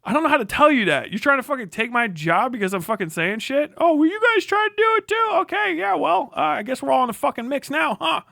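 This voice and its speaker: High-voiced man in a furious profane rant. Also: big pitch swings, fast, vocal fry, hardly any pauses, dry recording, clean studio sound. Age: 30s. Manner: profane, shouting insults, bursts of laughter. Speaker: livestream host. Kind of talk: angry livestream rant.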